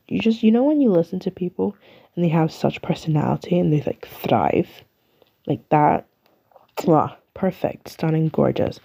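Rambling young English woman, gravelly. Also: medium pitch, dark tone, muffled recording. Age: young adult. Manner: chatty, rambling, self-mocking. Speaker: podcast host. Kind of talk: casual solo podcast chat.

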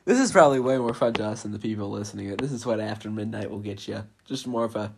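A young man hosting a late-night podcast, joking along with quick self-aware asides. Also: on the low side, gravelly, background noise. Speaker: podcast host.

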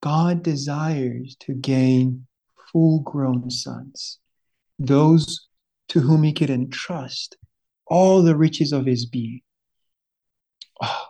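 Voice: mid-range voice, slow, warm tone, breathy edge. A Bible study teacher giving an earnest, fervent teaching, often stopping to exclaim and repeating words as the thought forms.

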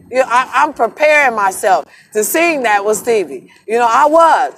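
Woman vlogger, slightly high voice, emphatic and emotional, casual profane monologue to camera. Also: very animated, moderate pace, few pauses. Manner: emotional, emphatic, profane, addresses viewers as y'all. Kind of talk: casual vlog monologue to viewers.

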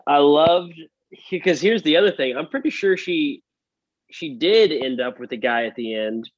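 A man co-hosting a casual podcast, speaking haltingly with many restarts. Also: a little high, expressive, no room sound, lo-fi sound. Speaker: podcast co-host. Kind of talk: casual chat.

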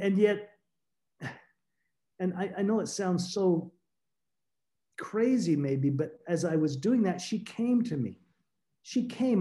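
A man's voice: fairly high pitch, mellow. A man, a guest author, telling a personal story in an interview, earnest and reflective, often repeating words as he searches for them. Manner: halting, repeats words when emotional.

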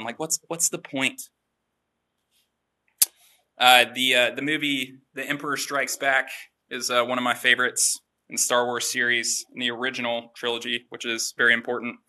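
A man giving a relaxed, chatty sermon with self-deprecating asides. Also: medium pitch. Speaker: preacher. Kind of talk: conversational sermon.

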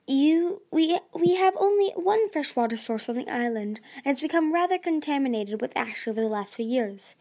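Brief: eager, lecturing male dragon inventor, read by a woman, raised and bright. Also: sits high, expressive, moderate pace, hardly any pauses, pitched above the performer's own voice. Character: eccentric excitable male dragon scientist. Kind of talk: amateur audiobook reading.

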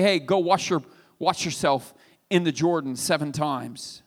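High-voiced man preaching in a hall. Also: measured pace. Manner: storytelling, animated, builds to loud emphasis. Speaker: pastor. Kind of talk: sermon. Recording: reverberant hall.

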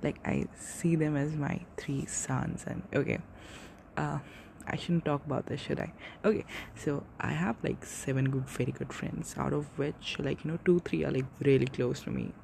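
Young woman doing a solo podcast at home, low gravelly voice, rambly and sweary. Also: steady tone, normal speed, dark tone, slight background noise. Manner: rambling, frequent swearing and self-corrections. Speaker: podcast host.

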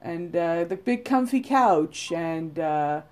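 A woman rambles through a casual podcast chat, blunt and profane. She fills her talk with "like" and "you know." Her voice sits slightly low for a woman. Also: expressive, takes it slowly, over a noisy crowd. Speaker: podcast co-host.

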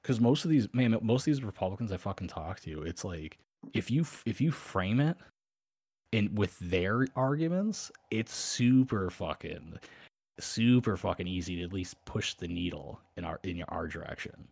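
Gravelly, husky-voiced man ranting. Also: deep voice, expressive, normal speed, darkish tone, no echo. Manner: blunt, rambling, swears constantly. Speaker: podcast co-host. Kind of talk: casual profane podcast chat.

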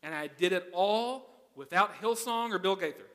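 Male pastor, conversational sermon delivery, high pitch, reverberant church hall. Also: normal speed, a bit bright. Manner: conversational, asks the congregation questions.

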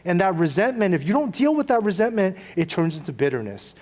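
A man's voice: high voice, sing-song, brisk, darkish tone, big-room sound. A middle-aged man preaching a sermon in a casual, conversational way, acting out quotes and adding asides. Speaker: pastor.

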